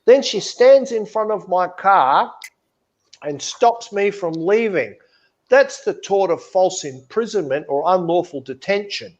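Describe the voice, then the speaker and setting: A man's voice: high-pitched, lively intonation, unhurried, a little mellow, muffled recording. A man telling a story in casual podcast chat, blunt and indignant, swearing freely. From Australia. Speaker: podcast co-host.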